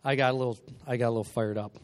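A man preaching a lively sermon in a church, energetic and joking, calling out to the congregation. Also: medium pitch, very fast. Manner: energetic, joking, call-and-response. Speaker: guest preacher.

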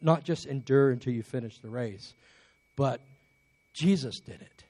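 A man's voice: mid-range voice, a little slow, mellow, dry recording. A man from England preaching a sermon as a pastor, telling a story with many restarts and building up to emphatic calls to persevere.

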